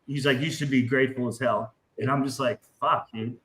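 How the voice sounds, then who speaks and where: A man telling a long anecdote in casual podcast talk, profane and animated, acting out the voices in his story. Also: medium pitch, a little fast, low-quality recording.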